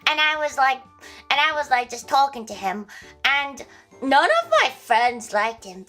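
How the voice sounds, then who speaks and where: Bright-voiced woman telling a rambling story. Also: fairly high pitch. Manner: rambling, many restarts, laughs at own jokes. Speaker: streamer. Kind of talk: casual storytelling to stream.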